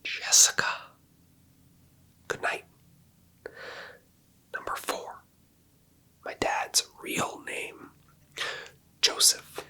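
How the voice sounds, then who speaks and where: A man makes an ASMR video, whispering slowly, softly and playfully in a breathy voice.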